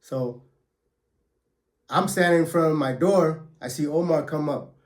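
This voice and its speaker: A man's voice: on the high side, measured pace, darkish tone. A man casually telling a story from his prison years, full of profanity and street slang, acting out the blows as he goes. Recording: echoey room.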